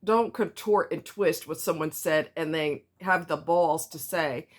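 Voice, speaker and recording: A woman's voice: deep voice, unhurried. A woman ranting to her viewers in a vlog, blunt and emphatic, repeating herself for stress. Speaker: vlogger. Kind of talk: ranting to camera.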